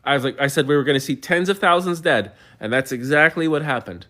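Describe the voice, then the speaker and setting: A man's voice: a little high, fast, bright, forceful tone. A man hosting a livestream, answering viewer comments in a heated, argumentative way with many stumbling restarts. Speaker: livestream host.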